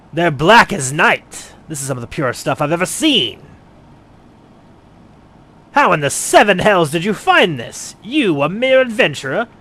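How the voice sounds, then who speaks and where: A man's voice: fairly high pitch, a bit bright, lightly acted. A man doing a haughty, blustering miner. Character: proud, competitive male master miner.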